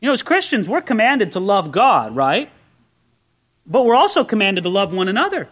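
A man preaching a sermon in a conversational way, full of rhetorical questions, swinging between excited raised asides and low, quiet emphasis. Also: moderate pace. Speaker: pastor.

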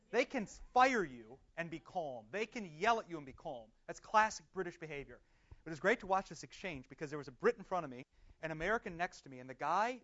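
A man's voice: on the high side, a bit bright. A man leading a church discussion group, chatty and affirming, laughing often, recorded in a dull lo-fi recording. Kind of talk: casual group teaching.

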